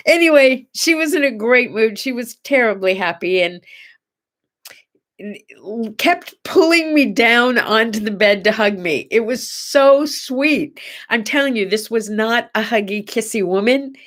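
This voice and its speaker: Middle-aged lady host, chatty and tender, rambly morning talk, mid-pitch voice. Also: a bit bright. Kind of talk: casual morning chat show.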